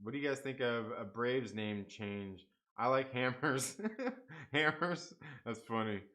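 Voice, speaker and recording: A man's voice: medium pitch, unhurried, bright, forceful tone. A young man hosting a live comics stream, chatting casually, reading the chat aloud, swearing and laughing often.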